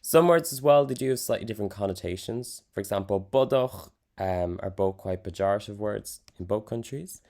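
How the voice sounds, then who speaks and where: A young man teaching a language lesson in a relaxed way, with many ums and fillers. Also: lowish voice, normal speed, hardly any pauses. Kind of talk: casual explanatory lesson.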